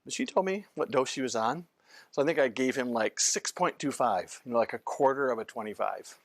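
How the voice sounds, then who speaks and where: An older man lecturing as a physician in a loose, story-driven way, wandering off mid-sentence and circling back. His pitch sits in an ordinary middle range. The sound is dry and close, with no room echo. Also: expressive, fairly quick. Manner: rambling, anecdotal, often breaks off and restarts sentences. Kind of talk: informal training lecture.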